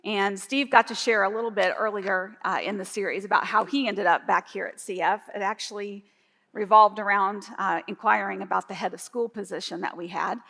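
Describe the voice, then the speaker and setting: A woman's voice: medium pitch, steady tone, brisk, vocal fry, a bit bright. A woman on a church leadership team speaking in an earnest, conversational way during a sermon. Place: church sanctuary. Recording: long hall reverb.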